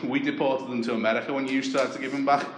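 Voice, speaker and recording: A young man from Liverpool with a Liverpool accent, doing a deadpan, sweary stand-up comedy set. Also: medium pitch, quick pace. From Liverpool, England. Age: young adult. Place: comedy club stage. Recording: echoey club with crowd noise. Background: audience laughter.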